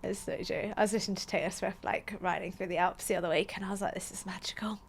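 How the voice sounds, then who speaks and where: A woman co-hosting a podcast, chatting and firing off quick questions. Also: medium pitch, fairly even intonation, vocal fry, a little hiss or hum. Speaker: podcast co-host. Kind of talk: casual podcast chat.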